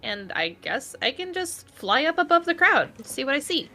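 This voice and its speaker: A woman's voice: high-pitched, big pitch swings, normal speed, pushed and bright, faint music behind. A woman player speaking in character at a tabletop game in a chirpy, friendly way.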